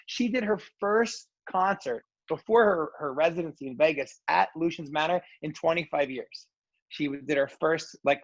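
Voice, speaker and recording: A man's voice: on the high side, a bit bright, no room sound, dull audio. A man speaking as a guest in a casual podcast interview, gushing with praise in an effusive way. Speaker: guest, salon owner and charity founder. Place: New Jersey.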